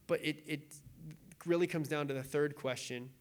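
A young adult male pastor delivers a sermon in a relaxed, conversational way, leaning on fillers and casual phrasing. His voice sits fairly high for a man. At times he turns tearful and his voice breaks. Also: normal speed.

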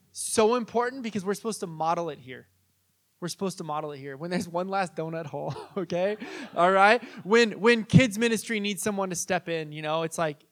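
A male pastor with a fairly high-pitched voice delivers a sermon in a church. He tells stories in a relaxed, conversational way and turns to the congregation with questions. His delivery is animated and engaging.

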